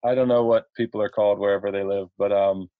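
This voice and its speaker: A middle-aged man from Ohio, a podcast guest telling stories in a halting, chatty way with many fillers and laughs. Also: fairly low pitch, steady tone, no echo, narrow, tinny audio. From Ohio, USA. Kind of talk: casual podcast chat.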